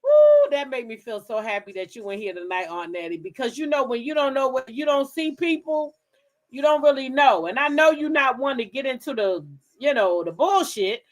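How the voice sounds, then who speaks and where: A woman from Kensington, Maryland, near Washington DC, hosts a casual gossip livestream and tells stories directly to her live viewers. Her voice is high and her speed normal, and her delivery is animated and profane.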